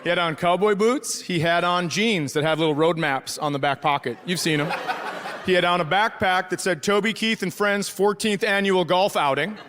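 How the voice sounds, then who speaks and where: A man's voice: high voice, moderate pace. A man doing a stand-up comedy set, telling a story with profane, incredulous asides and quoted voices. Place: theater stage before a live audience. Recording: live stage mic, crowd noise. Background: audience laughter.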